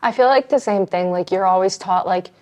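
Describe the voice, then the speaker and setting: Young woman guest, mid-pitched voice, easygoing earnest chat. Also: fairly quick, lo-fi sound. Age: young adult. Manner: relaxed, earnest, repeats phrases. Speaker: podcast guest. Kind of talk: casual chat.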